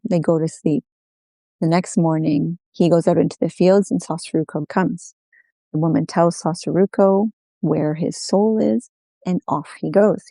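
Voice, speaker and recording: A woman telling a folk tale aloud in an unhurried way, with repeated refrains. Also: lowish voice, gravelly, warm tone, no echo. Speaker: storyteller guest. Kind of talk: oral folk-tale storytelling.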